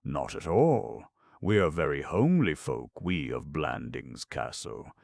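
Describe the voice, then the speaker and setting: A suave, long-winded gentleman in an audiobook, voiced by a male narrator, speaking in grand, mock-solemn sentences. The voice sits very deep with a gravelly edge, and its pitch moves with lively emphasis. The sound is close and dry. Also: measured pace, dry recording, exaggerated voice. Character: suave, verbose, self-assured young gentleman.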